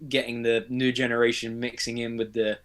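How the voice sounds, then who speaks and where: A man's voice: mid-range voice, flat delivery, brisk, fairly bright tone. A man with a mid-range voice joins a casual livestream as a guest. He lays out his views earnestly and works through his points as he talks. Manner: earnest, explains his thoughts with restarts and fillers. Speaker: guest on a toy collecting livestream. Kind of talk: casual chat.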